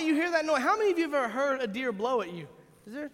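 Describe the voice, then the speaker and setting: A man preaching a sermon, telling a funny story in an animated, joking way. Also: very high voice, rapid-fire. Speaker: pastor. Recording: long reverb in a big hall.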